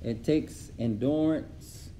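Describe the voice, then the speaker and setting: A man teaching a religious class, telling stories with animated delivery and repeating lines for emphasis. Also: mid-range voice, slow pace, a little hiss or hum. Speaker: Islamic studies teacher. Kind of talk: religious class lesson with storytelling.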